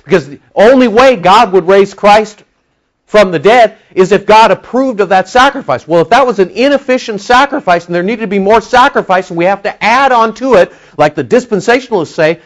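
Guy preaching a bible sermon, bit high-pitched, talks to the crowd, gets loud and worked up at points. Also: lively intonation, fairly quick. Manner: emphatic, rising to near-shouting when stirred; conversational, with asides to the audience. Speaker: pastor.

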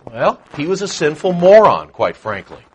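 A man preaching a sermon to a congregation, emphatic, swinging between quiet asides and loud proclamation. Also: a little high, big pitch swings, normal speed, husky. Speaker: pastor.

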